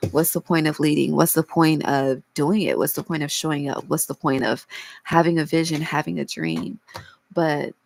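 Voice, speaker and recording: A woman's voice: sits low, gravelly, slight background noise, low-quality recording. A woman giving a casual tarot reading to her viewers, emotional and holding back tears, her voice cracking, swearing freely as she talks. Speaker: tarot reader.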